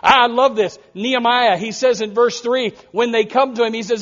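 A middle-aged male pastor preaching a sermon, swinging from soft asides to loud, repeated appeals. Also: very high-pitched, steady tone, moderate pace, hardly any pauses, dull audio.

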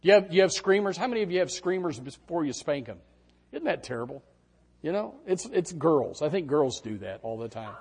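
A middle-aged man delivers a sermon with a lively, swooping voice pitched a little high. He moves between quiet reflection and animated storytelling, and he shouts the lines he quotes. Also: brisk, husky. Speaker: pastor.

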